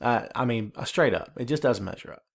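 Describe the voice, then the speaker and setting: A man's voice: medium pitch, animated, a little fast, gravelly, husky. A man with a Southern US accent from the Carolinas, hosting a solo podcast in a chatty, rambling way with many fillers and restarts. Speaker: podcast host. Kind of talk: casual solo podcast talk.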